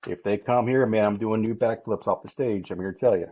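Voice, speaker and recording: A man's voice: on the low side, fairly quick, dry recording, dull audio. A man hosting a casual podcast, rambling a little. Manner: rambling, fillers and restarts. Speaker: podcast host. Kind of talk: casual chat.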